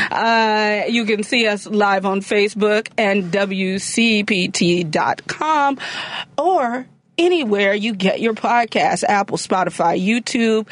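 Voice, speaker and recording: A woman co-hosting a talk radio show, chatting and teasing with a quick wit. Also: mid-range voice. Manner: laughing, quick-witted, teasing. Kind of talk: casual radio chat. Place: radio studio.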